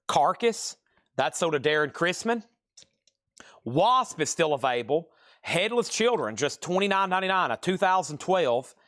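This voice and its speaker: A man hosting a live record sale stream, briskly rattling off prices and bidder names. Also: a little high, very animated, fairly bright tone, no echo. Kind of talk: live sales stream, calling bids.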